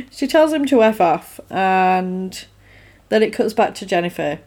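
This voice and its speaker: A woman, recapping a film in casual chat and acting out the characters' lines. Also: medium pitch. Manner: animated, acts out characters' lines in quick quotes. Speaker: film podcast co-host.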